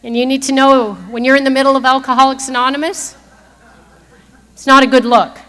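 A woman's voice: high-pitched, level tone, a little fast, fairly bright tone. A woman in her fifties sharing a humorous personal story as the speaker at a recovery meeting, laughing often as she talks. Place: meeting hall. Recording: long hall reverb.

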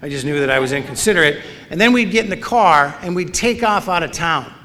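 A man's voice: on the high side, expressive, a little fast, pushed and bright. A middle-aged man telling a funny personal story at a recovery meeting, with a wry, self-mocking manner. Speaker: speaker sharing his story at a recovery meeting. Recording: long reverb of a large hall.

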